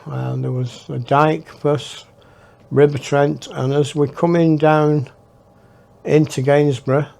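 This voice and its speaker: Slow gravelly older storyteller. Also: male voice, fairly high pitch, little pitch movement, dark tone. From northern England. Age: 60s. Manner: rambling, reflective, with hesitations. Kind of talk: memoir storytelling.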